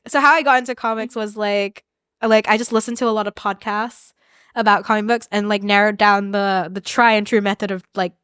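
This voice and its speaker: Smooth-voiced woman guest telling a story casually. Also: mid-range voice, steady tone, fairly quick, a bit bright, dry recording, studio quality. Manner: casual, uses filler words often. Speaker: comic artist guest. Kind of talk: casual interview conversation.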